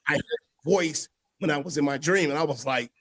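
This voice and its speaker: A man's voice: fairly high pitch, brisk, no room sound, studio quality. A man telling a personal story in a casual podcast chat, acting out the voices of others and dropping to a near whisper at emotional moments. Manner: animated, acts out voices in his story, drops to a near whisper for emotional parts.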